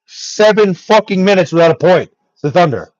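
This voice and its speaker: A man's voice: high voice, animated, moderate pace, a little mellow, dry recording, highs cut off. Young man ranting, furious and profane. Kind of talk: live-stream rant.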